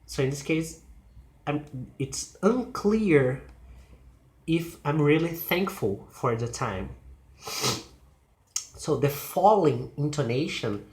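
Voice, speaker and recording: A man teaches pronunciation at an unhurried pace, pausing often. His pitch rises and falls in a lively way. The sound is roomy and echoing. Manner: deliberate, with frequent pauses and fillers. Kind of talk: slow explanatory lesson.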